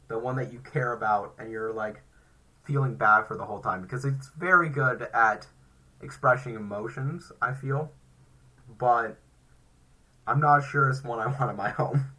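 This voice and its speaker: Blunt, dry-joking man with a husky, bright voice. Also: mid-range voice, low-quality recording. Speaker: podcast co-host. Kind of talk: casual chat. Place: home recording, live stream.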